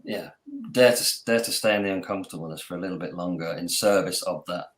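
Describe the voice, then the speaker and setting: A man's voice: sits low, quick pace. A man working as a coach, talking earnestly on a podcast and repeating phrases for emphasis. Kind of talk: podcast conversation.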